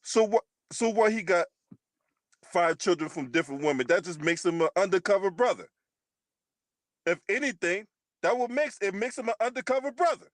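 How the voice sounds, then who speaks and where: A man with a high voice for his sex reads a news item and mocks it in casual commentary. He swears freely and breaks into laughter often. The sound is dry and close, with no room echo. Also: animated, normal speed. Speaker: channel host, commentator. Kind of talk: profane mocking news commentary.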